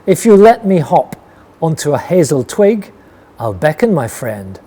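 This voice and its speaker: A man's voice: a little high, sing-song, measured pace, warm tone, slightly rough, heavily acted. A man voicing a small, clever male mouse in a storybook reading, coaxing and persuasive.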